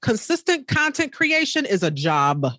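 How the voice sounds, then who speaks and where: Woman, 30s, podcaster, lively storytelling, dry close sound. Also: unhurried, no echo. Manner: animated storyteller acting out quotes with big pitch jumps; faith-filled, calls listener baby. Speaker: podcaster and speaker. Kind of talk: casual interview storytelling.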